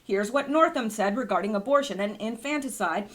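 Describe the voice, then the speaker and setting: A woman's voice: on the high side, animated, fairly quick, fairly bright tone. Scornful woman hosting news commentary. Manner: scornful, incredulous. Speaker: channel host. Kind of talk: news commentary, reading articles aloud.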